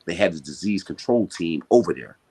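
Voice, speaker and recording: A man's voice: sits low, lively intonation, fairly quick, darkish tone, slightly rough. A man hosting a podcast, talking in a heated, casual and profane way, full of slang and emphasis. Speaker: boxing podcast host.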